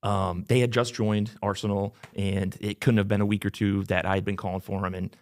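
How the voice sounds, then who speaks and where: A young sales rep telling work stories in a relaxed podcast chat, full of ums and small laughs. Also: male voice, on the low side, fairly quick. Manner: relaxed storyteller with fillers and laughs. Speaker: new business development rep, guest.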